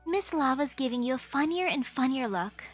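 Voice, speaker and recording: A woman streamer with a high voice reads video game dialogue aloud in a playful, lively way. She shifts between characters and breaks in with her own reactions. Quiet game music plays underneath. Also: normal speed, husky.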